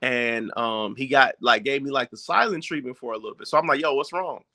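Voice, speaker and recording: A man with a bright, forceful voice talks straight to his viewers about raising children. He sounds informal and direct, and he keeps checking that his listeners are following along. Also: medium pitch, fairly quick. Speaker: parent giving parenting advice. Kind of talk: casual talk to viewers.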